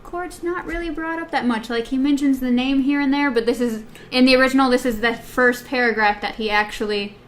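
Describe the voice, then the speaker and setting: Woman, book podcast co-host, casual chat, halting with fillers, fairly high voice. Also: fairly even intonation, slight background noise. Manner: hesitant, many fillers, compares text versions.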